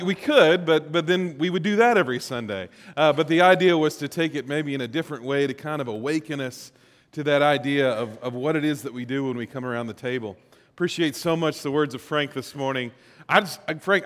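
A middle-aged man preaches to his congregation in an easy, conversational way, slipping jokes and stories into the sermon. His voice sits a little high for a man. It carries a long reverb from a large church auditorium. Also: a bit bright. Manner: conversational, joking storyteller. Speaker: pastor.

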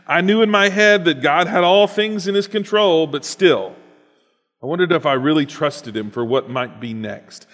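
An earnest man reads a personal story aloud in a reflective, unhurried manner. His voice sits at an ordinary middle pitch. A long reverb lingers after his words. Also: a bit bright. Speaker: host reading a written story aloud.

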